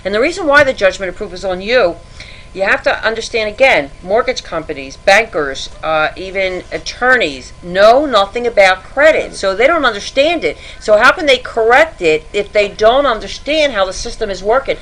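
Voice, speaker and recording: A woman's voice: mid-range voice, expressive, moderate pace, fairly bright tone, low-quality recording. A middle-aged woman, a podcast guest, giving earnest, cautionary advice about credit. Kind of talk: podcast interview.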